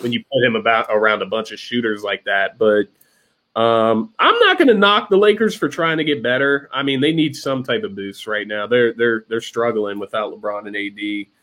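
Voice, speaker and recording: A man co-hosting a casual sports podcast, relaxed, with lots of fillers and restarts. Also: medium pitch, normal speed. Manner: relaxed, many fillers and restarts, laughs often. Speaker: podcast co-host.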